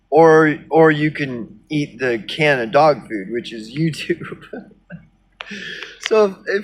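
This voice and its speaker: A man's voice: fairly high pitch, a bit bright, slight background noise. A man ranting casually on his video blog, rambling and sardonic with lots of swearing. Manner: rambling, profane, sardonic, many fillers. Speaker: video blogger. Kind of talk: casual rant.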